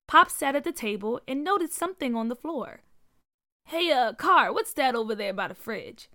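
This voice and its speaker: A woman narrating a story aloud in an expressive way, giving each character a voice. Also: fairly high pitch, dry recording, studio quality.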